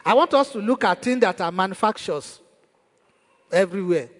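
A man's voice: high-pitched, lively intonation, moderate pace. A male pastor preaching a sermon in a church hall, emphatic and repeating his key phrases. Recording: long church hall reverb.

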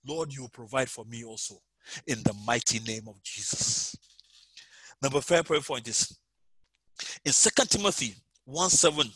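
A man's voice: fairly high pitch, pushed and bright, slightly rough, no echo, rough recording. A man preaching and leading prayer, chanting fervently and repeating "Father Lord" as he speaks to listeners at home. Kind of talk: prayer and sermon.

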